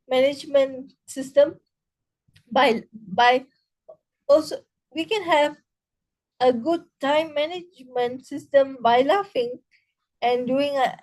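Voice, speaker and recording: A woman teaching a laughter yoga session over a video call, speaking haltingly with many restarts and leading rhythmic bursts of laughter. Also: high-pitched, a little mellow. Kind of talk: online interactive workshop talk.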